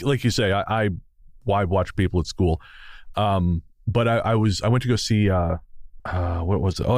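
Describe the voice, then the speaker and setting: A Canadian man co-hosts a casual podcast with a fairly low voice. He rambles through stories with restarts and frequent laughter, recorded close and dry with no room sound. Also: a little mellow, no echo. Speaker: podcast co-host. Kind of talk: casual chat.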